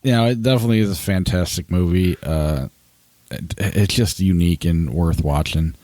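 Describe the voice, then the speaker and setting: A man chats easily on a movie podcast, with plenty of small fillers. His voice sits fairly low, and the recording is dry and close, with no room sound. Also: moderate pace, mellow, dry recording. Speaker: podcast co-host. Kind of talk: casual movie review chat.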